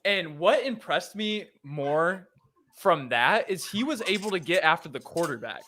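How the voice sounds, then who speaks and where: A man's voice: on the high side, expressive, a little slow, sharp tone, slight background noise. A man talking as a guest on a casual sports show, chatty and teasing, laughing often.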